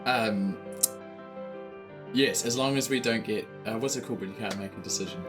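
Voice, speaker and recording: A man's voice: on the low side, normal speed, music in the background. A man with a New Zealand accent reading game narration aloud in a playful, theatrical way and chatting between lines. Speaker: co-player and narrator.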